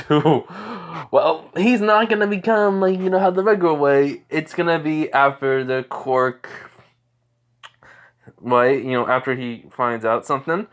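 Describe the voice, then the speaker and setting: A man's voice: on the high side, fairly bright tone. A young man hosting his own channel, chatting casually and rambling with lots of fillers and self-corrections. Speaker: channel host. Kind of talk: casual vlog intro.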